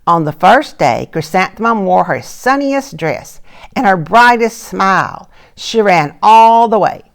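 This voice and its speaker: An older woman, a retired teacher, reading a picture book aloud to children and asking them gentle questions. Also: mid-range voice, big pitch swings, unhurried, creaky. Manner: gentle, asks listeners soft questions.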